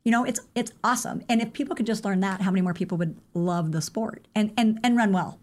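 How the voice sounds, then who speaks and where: A woman guest on a podcast, a running coach telling stories in a casual, animated way, filled with "like" and "I mean.". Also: medium pitch. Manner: animated, acts out quoted dialogue; rapid, chatty with many fillers like "like" and "I mean". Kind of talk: casual interview storytelling.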